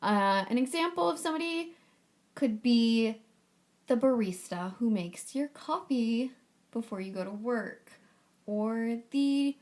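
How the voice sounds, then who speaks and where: A woman's voice: mid-range voice, a little mellow. A woman hosting a casual solo podcast, talking in a chatty, upbeat and playful way with casual swearing. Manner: playful, breezy. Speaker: podcast host.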